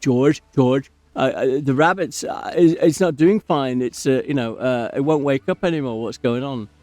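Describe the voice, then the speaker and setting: A man's voice: medium pitch, normal speed, darkish tone, no echo, natural voice. A man voicing a big, childlike, simple-minded farmhand man who pleads and stammers anxiously. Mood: worried.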